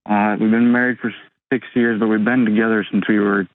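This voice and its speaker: A man in his thirties calling an advice show, talking haltingly with many pauses and ums. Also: on the low side, flat delivery, no echo. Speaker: caller. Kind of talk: call-in advice talk. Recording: tinny phone line.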